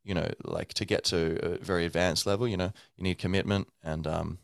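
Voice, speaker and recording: Low-pitched and a little fast, this male podcast host speaks with fairly even intonation and vocal fry. He rambles loosely, leaning on fillers and sounding short on sleep, in a dry, clean studio recording.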